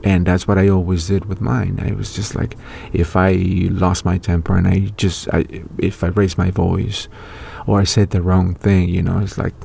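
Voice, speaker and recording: A man's voice: deep voice, little pitch movement, normal speed, vocal fry, mellow, slightly rough. A middle-aged man hosting his own show, talking in a loose, rambling monologue full of fillers and restarts. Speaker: online show host. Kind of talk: casual spoken monologue.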